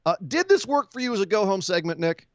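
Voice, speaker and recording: Man, podcast co-host, casual wrestling recap, lively pitch swings, dry lo-fi sound. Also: fast, no echo. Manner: animated storytelling, acts out quotes in silly voices.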